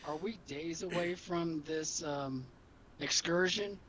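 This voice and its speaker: Man losing his voice, a bit higher. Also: takes it slowly, fairly bright tone, a little hiss or hum. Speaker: player. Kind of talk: casual chat at a game table.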